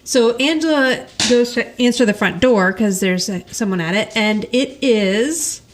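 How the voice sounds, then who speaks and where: A woman's voice: a little high, measured pace, slight background noise. Chatty woman podcast host recapping. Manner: chatty storytelling, laughs often, acts out quoted lines. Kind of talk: casual chat.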